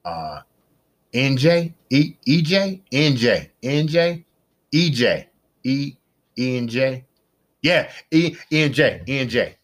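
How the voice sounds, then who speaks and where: Middle-aged man, podcast host, rambling casual talk, excitable, repeats himself. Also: takes it slowly. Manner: excitable, jumps to high-pitched exclamations.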